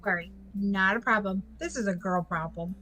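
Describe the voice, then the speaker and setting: A woman playing in a tabletop game, chatting in a quick, friendly way. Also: mid-range voice, pushed and bright, rough recording. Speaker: player. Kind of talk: casual tabletop play.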